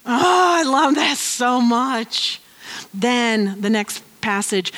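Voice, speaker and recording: A woman giving informal Bible teaching, animated and laughing often as she tells the story. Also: a little high, extremely slow.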